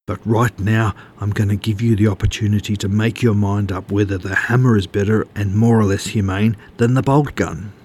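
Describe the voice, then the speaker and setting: A man's voice: fairly low pitch, steady tone, normal speed, hardly any pauses, darkish tone, husky. A man voicing a brutish, hot-tempered male slaughterhouse worker who snarls and bullies in a story reading. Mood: menacing. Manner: snarling, bullying.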